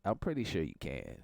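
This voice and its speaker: A middle-aged podcast host with a very deep, gravelly voice and a stuffy nose from a cold runs a casual morning talk show. He's playful and teasing and laughs a lot, and the recording is dry.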